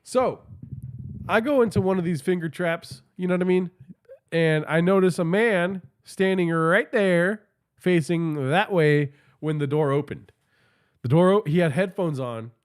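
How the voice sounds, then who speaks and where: A podcast host delivers a comedic storytelling monologue, a rambling, profane tale in which he often addresses the listener. His voice is high-pitched and smooth, at a measured pace.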